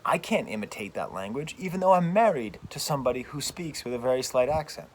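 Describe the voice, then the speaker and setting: With a medium-pitched voice and a quick pace, an American man rants animatedly outdoors, often repeating himself for emphasis. He's a French professor hosting his own channel, and the audio carries a little hiss or hum.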